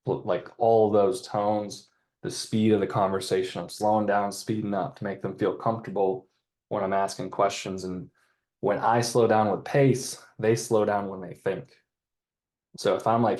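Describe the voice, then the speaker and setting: A man giving a casual sales training on a video call, talking in a relaxed, chatty way and acting out sales lines. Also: fairly low pitch, normal speed. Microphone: computer mic on a video call.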